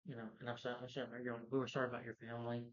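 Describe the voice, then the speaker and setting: Very fast and completely flat, a man's slightly bright, medium-pitched voice rambles through a movie's plot as he reviews it. "Like" and "you know" fill his loose recap, and the recording sounds roomy, dull and lo-fi.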